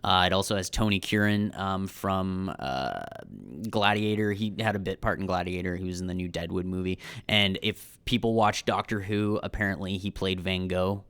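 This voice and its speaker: A man's voice: sits low, steady tone, normal speed, fairly bright tone, smooth, dry recording. A young man with a Canadian accent, chatting casually as a podcast guest and telling long rambling stories full of fillers and restarts. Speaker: guest, filmmaker.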